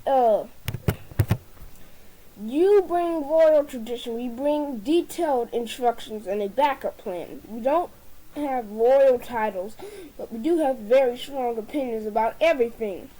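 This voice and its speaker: A woman's voice: on the high side, a little slow, warm tone, slight background noise, poor audio. A woman giving a comedic formal toast, often tripping over words and restarting them. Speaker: speaker giving a dinner toast.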